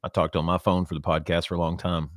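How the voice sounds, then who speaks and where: A man's voice: sits low, level tone, fast, dry recording, studio quality. A man co-hosting a podcast in casual chat, laughing often and slipping into silly voices. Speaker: podcast co-host.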